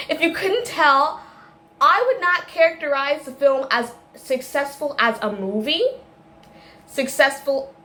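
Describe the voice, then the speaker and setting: A woman with a somewhat high-pitched voice talks through a film review in a loose, rambling way. She keeps circling back, restarting sentences and tossing in little laughs as she goes. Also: pushed and bright. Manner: tangent-prone, chatty, frequent fillers and self-corrections; laughs often while talking. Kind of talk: casual rambling monologue.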